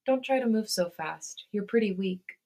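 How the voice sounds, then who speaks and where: A woman voicing a gentle, caring young man who speaks softly, in a fan fiction read aloud. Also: mid-range voice, animated, normal speed. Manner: gentle, soothing.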